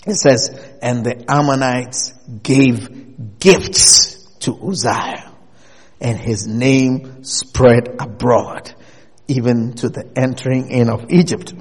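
A man preaching a sermon in an animated way, rising to loud bursts as he presses his points. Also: mid-range voice, slow, slightly rough. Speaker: pastor. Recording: long hall reverb.

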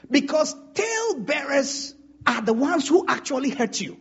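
Male pastor, husky, high-pitched and animated; sermon style with call-and-response. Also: normal speed, lo-fi sound.

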